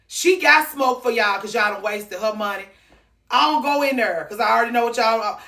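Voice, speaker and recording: A woman's voice: fairly high pitch, fairly quick, fairly bright tone, recorded from a distance. A woman hosting a casual livestream, talking candidly and profanely, rambling and restarting her sentences. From Atlanta. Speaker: livestream host. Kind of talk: casual livestream chat reacting to clips and comments.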